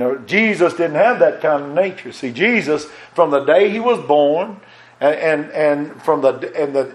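Middle-aged pastor, homespun sermon delivery, climbs louder and higher to drive points home, slightly raised voice. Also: male voice, poor audio. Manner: folksy preaching, rising in pitch and volume for emphasis, restarts. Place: church.

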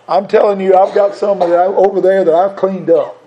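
A man's voice: sits high, steady tone, a little fast, a little hiss or hum. A man preaching a sermon in a folksy way, repeating phrases for emphasis. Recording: dull lo-fi sound.

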